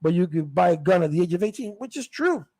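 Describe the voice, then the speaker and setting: A man's voice: high voice, expressive, fast, mellow. A man ranting casually in a vlog, sarcastic, mocking other people's views with raised voices. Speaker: vlogger. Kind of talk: casual opinion rant. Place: North Carolina.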